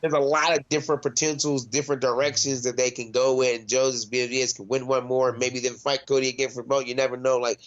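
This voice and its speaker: A man's voice: medium pitch, level tone, fast talker, hardly any pauses, dull audio. A man, a mixed martial arts fighter, chatting casually in an interview, loose and profane with lots of laughs and restarts. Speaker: MMA fighter, interview guest.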